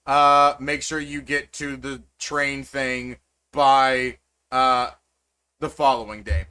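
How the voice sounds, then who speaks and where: Man running a tabletop game, bright voice, lots of uh and um, restarts a bunch. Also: medium pitch, little pitch movement, slow, clean tone. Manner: rambling with many fillers and restarts. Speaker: game master.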